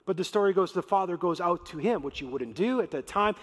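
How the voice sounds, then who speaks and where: A man preaching a sermon as a pastor, telling the story in an animated way with casual slang. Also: high voice, fairly quick. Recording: reverberant large hall.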